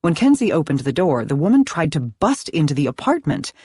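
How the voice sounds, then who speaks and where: Expressive woman narrating a thriller. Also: deep voice, fairly quick, breathy edge, no room sound, studio quality. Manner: expressive, dramatic reading. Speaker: audiobook narrator. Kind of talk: scripted narration.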